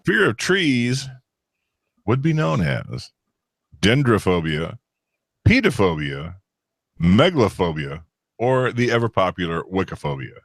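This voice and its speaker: A man co-hosting a casual podcast, reading out quiz questions in an animated way, swearing and laughing often. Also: lowish voice, measured pace, long pauses, no room sound, studio quality. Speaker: co-host running a quiz. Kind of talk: casual banter.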